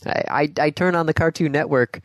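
A man's voice: on the high side, fairly quick, dry recording, low-quality recording. A man co-hosting a casual podcast, rambling loosely and reading news items aloud. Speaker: podcast co-host. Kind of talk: casual chat.

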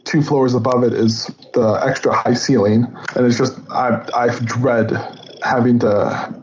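A man's voice: medium pitch, steady tone, a little slow. A man co-hosting a podcast, chatting in a meandering, storytelling way. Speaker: podcast co-host. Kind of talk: casual chat. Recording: dull lo-fi line with faint hiss.

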